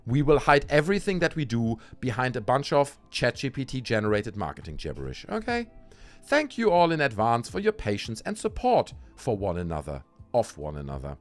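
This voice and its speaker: A man on a livestream, furious and sarcastic, cursing as he goes. His pitch leaps up in mock brightness and then drops to low grumbles. Soft music plays faintly beneath his voice. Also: huge pitch swings, brisk. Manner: sarcastic, profane, frequently dropping into low mutters. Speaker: streamer. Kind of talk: angry livestream rant.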